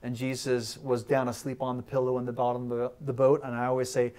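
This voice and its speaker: A man giving a short, animated sermon as a guest, acting out the voices in the story with humor. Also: medium pitch, fast talker, few pauses. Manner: animated, acts out Bible voices and jokes. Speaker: guest pastor. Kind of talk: short sermon on a talk show.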